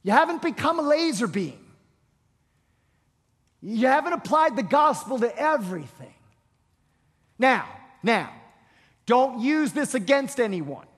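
Man preaching, very high voice, emphatic and repetitive, long hall reverb. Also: big pitch swings, a little slow, pauses often, fairly bright tone, husky. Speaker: pastor. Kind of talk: sermon.

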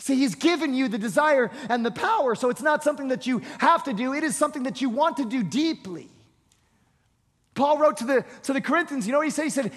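A man's voice: extremely high pitch, animated, a little fast, fairly bright tone. A male pastor preaching a sermon, emphatic and repetitive, often restarting words as he presses a point. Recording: reverberant hall.

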